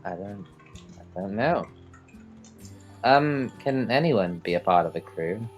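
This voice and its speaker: A man with a lowish voice chats through a tabletop game, halting and restarting as he works out rules. Faint music plays underneath. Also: expressive. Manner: hesitant, restarts often. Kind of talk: casual game chat.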